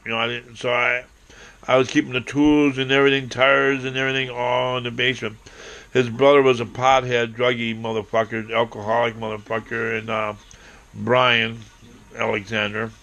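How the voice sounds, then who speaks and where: A man telling a rambling, profane personal story, acting out quotes and breaking into shouting. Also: medium pitch.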